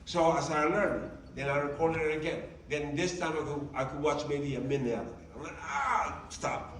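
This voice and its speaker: A man giving a motivational training talk to his team, telling lively stories and acting out the dialogue. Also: a little high, a little fast, a crowd in the background. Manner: animated storyteller, acting out dialogue. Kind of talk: motivational speech. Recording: roomy, distant sound with faint ambience.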